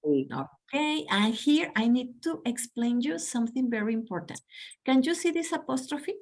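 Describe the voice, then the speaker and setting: A woman's voice: high-pitched, animated, normal speed, low-quality recording. A woman in her forties with a Mexican Spanish accent, leading an online pronunciation workshop for teachers in an enthusiastic, coaxing way. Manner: enthusiastic, coaxing, addresses audience as guys. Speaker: pronunciation trainer.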